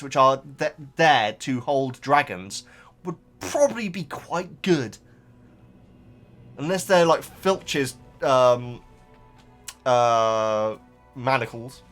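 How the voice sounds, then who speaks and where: A man's voice: fairly high pitch, fairly bright tone. A man reading out viewer comments and chatting about them casually, wandering off into tangents and thinking aloud. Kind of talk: casual chat.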